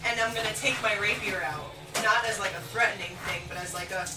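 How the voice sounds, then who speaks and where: A woman's voice: medium pitch, steady tone, a little fast, music in the background. A woman player in a tabletop game, talking in a playful, laughing way. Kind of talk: casual tabletop play.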